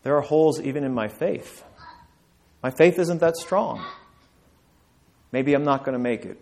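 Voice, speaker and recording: A male pastor preaching a sermon, building to emphatic peaks and dropping to quiet, earnest lines. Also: mid-range voice, unhurried, gravelly.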